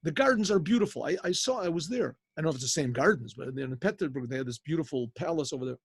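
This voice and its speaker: A male rabbi tells a story in a relaxed, halting way, often repeating words and adding asides. His voice sits high with a husky edge. He is heard dry and close over a video-call mic. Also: no room sound. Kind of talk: informal oral storytelling.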